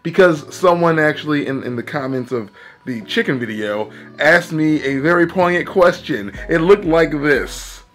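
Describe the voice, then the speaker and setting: A man's voice: a little high, normal speed, a bit bright, soft background music. A man hosting his own vlog, telling a story to camera in a casual, emphatic way with joking asides. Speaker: vlogger host.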